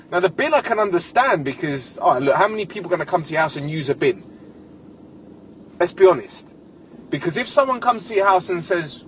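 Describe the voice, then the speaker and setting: High-pitched, animated man ranting. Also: fast, a little hiss or hum. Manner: animated storytelling, heavy swearing, exasperated. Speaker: podcast host. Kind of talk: solo comic rant.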